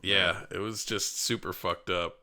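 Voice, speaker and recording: A man co-hosting a podcast in casual chat, profane and laughing, quoting his own thoughts in animated bursts. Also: sits low, unhurried. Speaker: podcast co-host.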